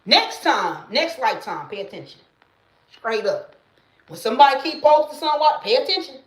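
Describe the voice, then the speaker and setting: Animated woman ranting on a livestream. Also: fairly high pitch, normal speed, echoey room. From Mississippi, US. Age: late 30s. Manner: emphatic, profane, repeats catchphrases. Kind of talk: casual live-stream monologue.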